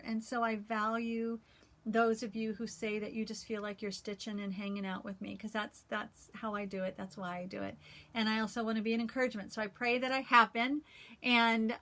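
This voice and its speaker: A woman vlogger reading scripture and talking it through in a casual, heartfelt way, pausing often with "um". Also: a little high, a bit bright. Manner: earnest, heartfelt, many "um" pauses. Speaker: cross-stitch vlogger.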